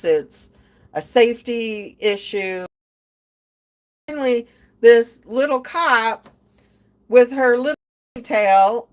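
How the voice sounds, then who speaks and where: Slow-talking older woman, indignant storyteller. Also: medium pitch, a bit bright. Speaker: podcast host. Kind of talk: casual storytelling.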